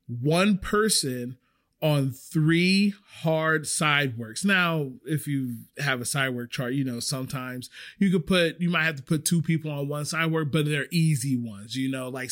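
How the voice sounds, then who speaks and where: A man casually telling a story about his restaurant job, animated and swearing freely. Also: a little high. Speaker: restaurant server.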